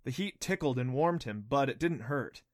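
A man narrates an audiobook with a steady storytelling delivery. His voice is middle-pitched and even. The reading is scripted. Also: normal speed.

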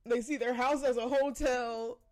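A woman's voice: fairly high pitch, fairly even intonation, measured pace, a little mellow, soft background music. A woman hosting a podcast, giving her opinions in a blunt, profane, casual monologue and laughing often. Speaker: podcast host.

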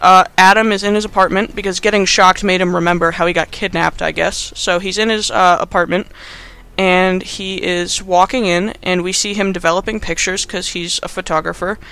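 A man's voice: sits high, steady tone, moderate pace, sharp tone, clean tone. A young man recapping a movie in a casual, rambling, sarcastic way, laughing as he talks. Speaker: podcast host.

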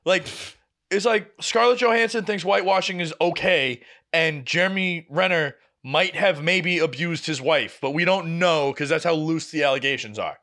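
A young man co-hosting a podcast, chatting casually and telling an animated story, acting out the people he quotes. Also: on the high side, moderate pace. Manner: animated storytelling, acts out quoted family members. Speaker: podcast co-host. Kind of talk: casual chat.

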